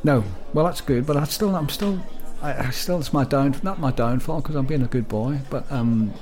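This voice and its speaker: A man's voice: medium pitch, normal speed, a little mellow, faint music behind. A man with a British accent, co-hosting a podcast in casual chat, rambling and restarting his sentences with frequent laughs. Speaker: podcast co-host.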